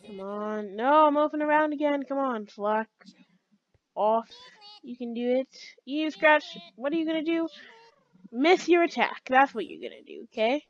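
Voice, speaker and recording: A woman's voice: sits high, normal speed, muffled recording. A woman giving chatty let's play commentary, talking to her game characters as she plays. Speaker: gamer.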